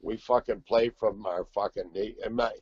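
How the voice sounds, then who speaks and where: An older man, a guest singer, telling stories in a brash, profane, animated way in casual chat. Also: fairly low pitch, normal speed, breathy edge, dry recording, muffled recording.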